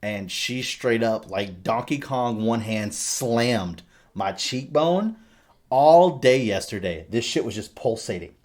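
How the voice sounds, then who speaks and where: A young adult man chatting casually on a podcast, telling animated stories and swearing freely. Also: mid-range voice, takes it slowly. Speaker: podcast co-host. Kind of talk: casual chat.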